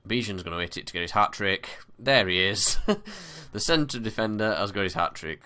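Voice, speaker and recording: A man talks through his football management game in a relaxed commentary style, breaking into excited calls. His voice sits low but sounds bright and crisp. He sighs and mutters between the louder moments. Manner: excitable match commentary with quick bursts and sighs. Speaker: gaming commentator. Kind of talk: casual let's-play commentary.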